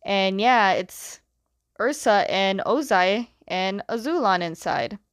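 A woman chats through a story recap, loose and conversational, constantly slipping into "he's like" quotes. Her voice sits in a middle pitch. The recording is dry and close. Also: animated, slow pace, no echo. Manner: chatty, retells scenes with "he's like" quotes. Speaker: comic recap talker. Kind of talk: casual recap chat.

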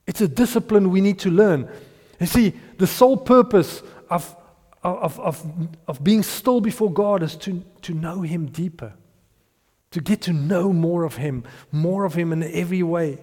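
A middle-aged South African man, Afrikaans by birth, preaches in a fairly high, animated voice. He stumbles over repeated words and chuckles between points. His voice carries with a long reverb through a large hall. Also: measured pace. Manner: animated, repeats himself, laughs between points, drops to hushed tones. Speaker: pastor. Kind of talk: sermon.

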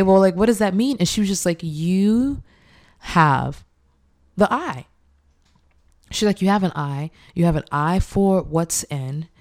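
A young woman chef, animated and laughing often as she acts out quoted speech in a casual interview. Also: on the low side. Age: young adult.

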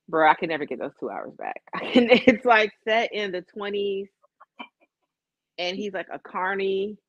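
Woman cohost talking loose and lively, swears a lot, dry dull lo-fi sound. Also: medium pitch, unhurried, dry recording. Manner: animated, swearing, laughing often. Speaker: podcast co-host. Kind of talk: casual chat.

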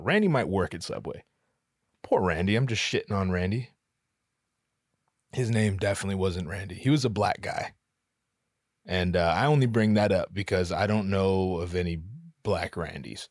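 A man riffing in a rambling comedic monologue at home, profane and often interrupting himself as he works through his thoughts out loud. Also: low voice, no room sound, studio quality. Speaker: solo commentator.

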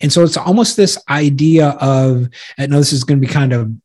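Middle-aged male podcast co-host, husky, rambling, coach energy. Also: medium pitch, a little fast, a little mellow. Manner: earnest, rambling with fillers and restarts. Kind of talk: casual podcast conversation.

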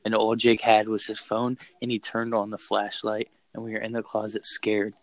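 A young man excitedly telling a scary story in a casual chat, swearing and repeating himself. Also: on the low side, moderate pace, dry recording, low-quality recording. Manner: excited, profane, repeats phrases.

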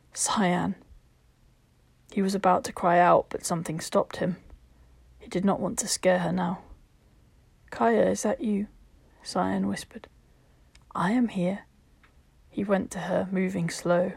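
Brief: female storybook narrator, calm and measured, lowish voice, dry close recording. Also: vocal fry, breathy edge, dry recording. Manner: calm, measured, sometimes dropping to a whisper.

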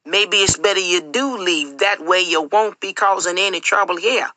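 Woman narrator playing a scornful older shopkeeper lady, bright, dry read. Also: fairly low pitch, normal speed, no room sound.

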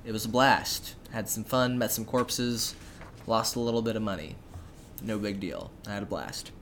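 A man's voice: on the low side, normal speed, a bit bright, a little hiss or hum. A man voicing a carefree, fearless young lad who talks in a breezy, offhand way with modern slang. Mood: nonchalant.

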